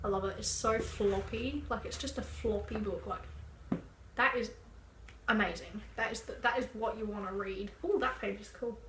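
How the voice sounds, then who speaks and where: A woman's voice: mid-range voice, normal speed, a bit bright. A young Australian woman chatting casually as a book vlogger, rambling, with frequent "like" fillers. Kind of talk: casual chat. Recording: echoey room, faint background noise.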